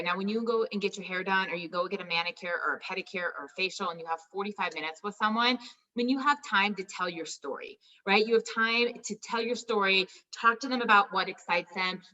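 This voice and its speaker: A woman's voice: medium pitch, sharp tone, distant mic, dull audio. A woman leading a team call, giving upbeat, chatty coaching and acting out sample conversations. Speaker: team leader on a sales call. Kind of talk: motivational coaching talk.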